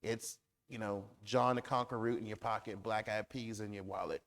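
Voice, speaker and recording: A man speaking as a guest author in a public conversation, riffing through animated lists. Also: lowish voice, brisk.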